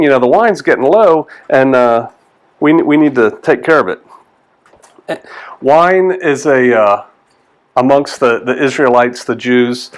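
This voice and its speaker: A man, a pastor giving a conversational sermon in a folksy way and acting out the quoted lines in different voices. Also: mid-range voice. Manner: folksy, animated, acts out quotes in changing voices.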